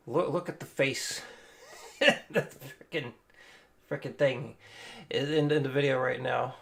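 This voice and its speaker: A guitar teacher hosting a live stream reacts casually to a guitar lesson video, rambling loosely and swearing now and then. His medium-pitched voice is measured, slightly bright, with vocal fry, and electric guitar plays behind him.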